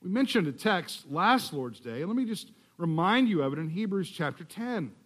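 A man's voice: high voice, very animated, moderate pace, a bit bright. A man preaching as a guest speaker in a church, explaining a scripture passage in a conversational way with humorous asides. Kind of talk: sermon.

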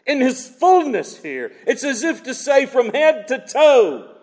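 A man preaching a sermon, swinging between loud emphatic lines and hushed asides. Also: very high voice, big pitch swings, slow pace, big-room sound.

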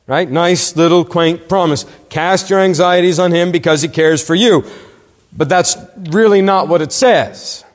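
A man preaching a sermon, earnest and emphatic, asking pointed questions and slowing down to stress key words. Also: mid-range voice, in a large hall. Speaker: pastor.

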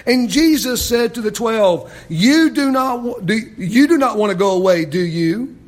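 A male pastor preaching a sermon, swinging between shouted questions and hushed pleading. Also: high voice, lively intonation, a little slow.

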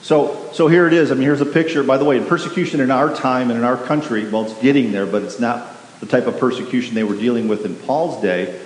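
A pastor preaching a sermon, emphatic and repetitive, putting questions to the congregation. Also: male voice, mid-range voice, fast. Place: church sanctuary. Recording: echoey hall with faint hiss.

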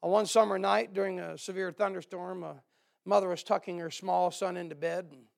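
High-pitched gravelly preacher. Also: male voice, steady tone, brisk. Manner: emphatic, rising to loud bursts then dropping low; repeats key phrases for emphasis. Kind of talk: sermon.

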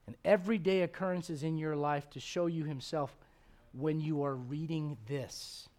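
Pastor guy with a high voice preaching a sermon, lots of "you know why?" type questions, really emphatic. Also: steady tone, normal speed, darkish tone. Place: church service before a congregation.

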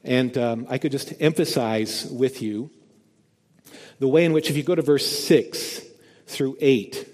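A man's voice: medium pitch, measured pace, a little mellow. A man preaching a sermon in a church, earnest and emphatic, building up to repeated key phrases. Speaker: pastor. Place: church sanctuary. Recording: long hall reverb.

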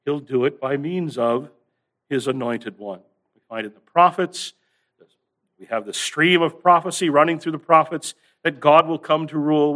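A man with a slightly higher-than-usual voice preaches a sermon. He teaches in an earnest, steady way. He lifts and slows key phrases for emphasis. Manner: earnest, builds emphasis with rising stress and drawn-out words.

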